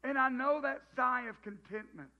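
A man's voice: extremely high pitch, normal speed. A middle-aged man with a Southern US accent preaching a sermon in a folksy, joking way, often restarting his sentences. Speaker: pastor. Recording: dull lo-fi sound.

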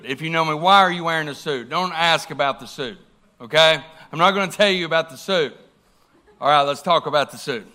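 A man's voice: high voice, sharp tone. A man, preaching a sermon and telling a story, acting out the quotes with big swings in voice. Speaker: pastor.

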